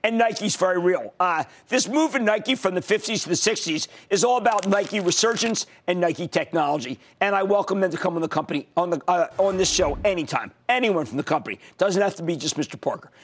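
A man's voice: high-pitched, expressive, a little fast, hardly any pauses, a little hiss or hum. A man hosting a stock market TV show, losing his voice, giving emphatic, punchy commentary straight to viewers. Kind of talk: energetic financial TV commentary.

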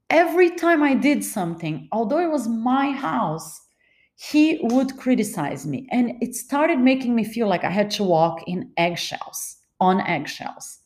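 A woman's voice: a little high, a little mellow, echoey room. Candid woman telling a personal story. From Los Angeles, California. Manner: candid, wry, confiding. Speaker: podcast host.

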